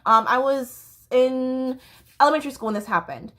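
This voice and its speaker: A woman's voice: high-pitched, animated, moderate pace, a bit bright. Woman, 30s, dance teacher, raised voice, candid and rambling vlog storytelling. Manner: candid, rambling, with frequent fillers and restarts.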